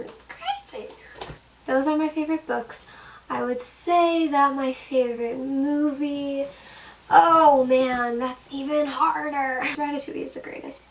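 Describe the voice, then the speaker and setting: A woman's voice: high-pitched, distant mic, poor audio. Giggly young woman chatting off-mic. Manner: giggly, chatty, self-deprecating. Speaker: vlogger answering fan questions. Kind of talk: casual chat. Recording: from the mic, faint room noise.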